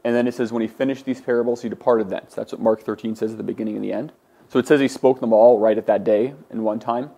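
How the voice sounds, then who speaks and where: A man's voice: fairly low pitch, fairly even intonation, fast talker, creaky, warm tone. A man teaching a Greek class, lecturing in a conversational way with many fillers and restarts. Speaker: Greek instructor.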